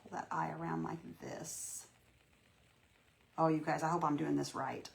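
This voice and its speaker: Chatty woman with a gravelly low voice. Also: little pitch movement, measured pace, slight background noise. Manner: chatty, folksy, greets viewers by name, self-reassuring. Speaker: craft livestream host. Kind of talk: casual live painting tutorial.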